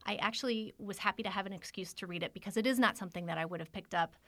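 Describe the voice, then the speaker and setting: A woman's voice: medium pitch, rapid-fire, sharp tone, dry recording. A woman co-hosting a casual book discussion, chatty and self-deprecating, laughing often. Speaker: podcast co-host.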